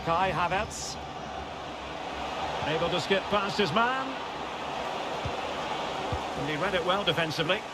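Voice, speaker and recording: A male play-by-play commentator with a fairly high voice calls a football match for a video game. His calls stay measured and then climb into excited shouts. Loud crowd and game sound run under everything he says. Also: very noisy.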